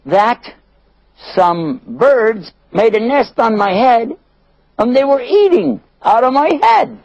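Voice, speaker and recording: A man voicing a frightened male prisoner who recounts a dream in a high, wavering voice, on a dull lo-fi recording. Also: sing-song, slow pace, creaky, darkish tone, no room sound, exaggerated voice. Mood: anxious.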